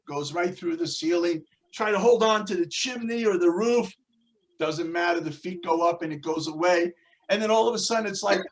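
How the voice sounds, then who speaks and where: A man teaching a Torah class, telling a religious story in an animated way and shifting his voice for the quotes. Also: high voice, rough recording. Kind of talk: religious lesson with dramatic storytelling.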